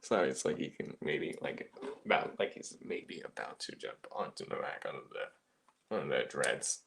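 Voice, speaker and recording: A man casually reviewing a toy, talking softly with mumbled, half-whispered asides. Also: very deep voice, animated, unhurried, vocal fry, slight background noise.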